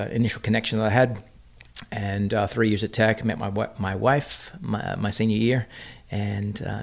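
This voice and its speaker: A man in his late forties from Melbourne, with a mixed Australian and American accent, telling stories easily as a golf coach in an interview. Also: fairly low pitch. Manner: easygoing, storytelling. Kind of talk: casual interview conversation.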